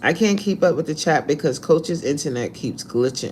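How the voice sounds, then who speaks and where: A man's voice: on the high side, lively intonation, moderate pace, a little hiss or hum. A man fitness coach on a live stream who reads out viewer comments in a blunt, sassy, scolding way.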